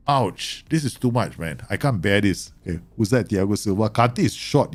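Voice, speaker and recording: A man commentating live on a football management game, excitable and teasing, bursting into exclamations. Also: on the low side, moderate pace, few pauses, soft background music.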